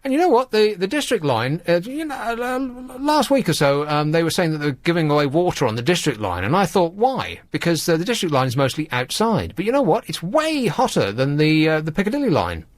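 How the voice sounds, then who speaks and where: A man's voice: a little high, sing-song, fairly quick, few pauses, no room sound. A man hosting a late-night radio phone-in, talking in a wry, rambling, teasing way into a studio microphone.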